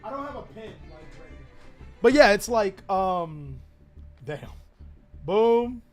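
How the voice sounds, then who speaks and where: Animated high-voiced young man storyteller. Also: measured pace, soft background music. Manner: animated, laughing, profane, chatty. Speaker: channel host. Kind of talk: casual storytelling to a live chat.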